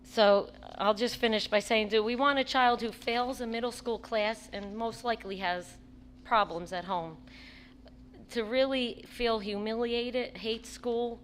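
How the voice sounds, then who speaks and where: A woman makes an earnest, pleading case as a parent at a school board meeting, her voice at a middle pitch. She speaks with feeling, halting and restarting as she goes, and a faint hum of room noise sits behind her. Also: fairly even intonation. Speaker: parent speaking at public comment.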